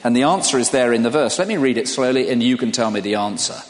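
A man's voice: mid-range voice, fast, hardly any pauses. An older man preaching a sermon in a conversational way, putting questions to his listeners. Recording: long hall reverb.

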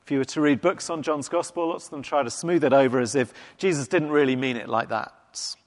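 A man's voice: fairly high pitch, fairly quick. A man preaching a sermon in a conversational, wry, emphatic way. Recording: long hall reverb.

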